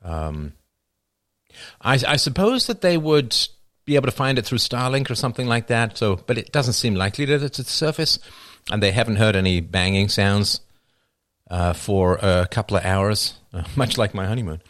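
A man's voice: lowish voice, expressive, normal speed, fairly bright tone, dry recording, clean studio sound. A middle-aged man hosting a livestream, talking in a wry, rambling way while answering questions. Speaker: livestream host taking questions. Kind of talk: casual livestream monologue.

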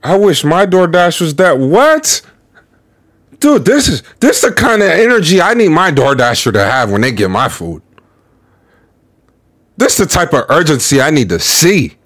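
Lively, animated man hosting reactions. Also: fairly high pitch, normal speed, no room sound, studio quality. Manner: animated, slangy, laughing asides. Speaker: reaction video host. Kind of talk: casual commentary.

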